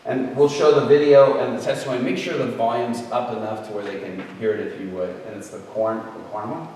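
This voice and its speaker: A man telling a story in a sermon, in a conversational, animated way. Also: mid-range voice, brisk. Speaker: guest preacher. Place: large echoey hall. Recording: echoey hall, distant mic, faint noise.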